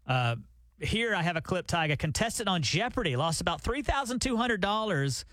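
A man's voice: high voice, big pitch swings, fairly quick, a bit bright, no echo. A man hosting a chatty talk show, telling stories and setting up clips for his co-host. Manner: chatty, storytelling. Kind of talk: casual radio chat.

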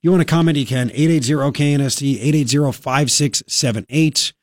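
A man hosting a talk radio program, his voice a bit higher than most men's. He rants with biting sarcasm and indignation. The studio mic sounds close and dry, with no room around it. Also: fairly quick, dry recording. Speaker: radio talk show host. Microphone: studio microphone.

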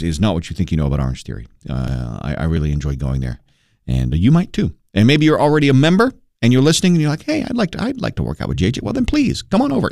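A man's voice: mid-range voice, dry recording, studio quality. A man hosting a radio show, chatting in an upbeat, jokey way between segments. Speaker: radio host. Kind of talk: casual radio show chat.

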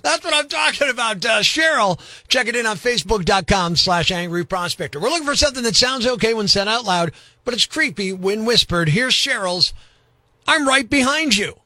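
A man's voice: high-pitched, expressive, normal speed, bright, forceful tone, no echo. A man hosting a morning radio show, talking in a brash, mocking, sarcastic way. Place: radio studio.

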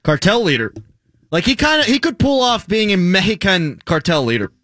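A male sports radio host with a high, bright voice that swings widely in pitch. He riffs fast with his co-hosts and slides into promo reads, recorded at a studio mic. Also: sing-song, no room sound. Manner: joking, quick riffing, reads segment promos. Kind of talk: casual sports radio banter.

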